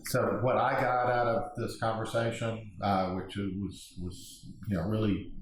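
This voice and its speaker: A man hosting an interview and summing it up in a slow, hesitant way. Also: on the low side, level tone, very echoey, a little hiss or hum, rough recording. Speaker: host. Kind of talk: interview wrap-up.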